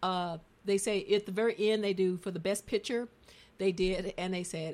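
A woman's voice: on the low side, moderate pace. A woman in casual chat, host of a talk show, telling a story with plenty of animation and frequent laughter.

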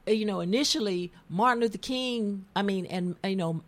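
Speaking in a mid-range voice at a moderate pace, a middle-aged Southern woman runs a laid-back radio talk show. Her US Southern accent colors the emotional, rambling stories she tells. There is no room sound in the recording.

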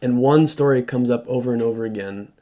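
A man as an interview guest, telling a personal story in a thoughtful, halting way with frequent restarts. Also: mid-range voice, dark tone. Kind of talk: reflective storytelling conversation.

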